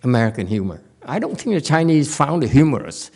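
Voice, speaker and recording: A man's voice: medium pitch, very animated, brisk, a little mellow. A man with a Korean accent giving a dharma talk as a Zen master, playful, telling stories and laughing often.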